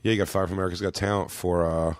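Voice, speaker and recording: A man's voice: low-pitched, flat delivery, rapid-fire, dry recording, clean studio sound. A man, a comedian guest on a podcast, chatting casually and making wry jokes.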